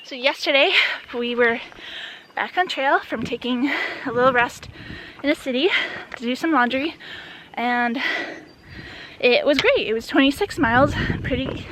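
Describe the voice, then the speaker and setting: A woman's voice: high-pitched, a little slow, a bit bright. A young woman from Wisconsin telling a casual hiking story, chatty and full of "like" fillers, recorded outdoors on a mountain trail. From Wisconsin, USA. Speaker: hiker vlogger. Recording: outdoor noise in background.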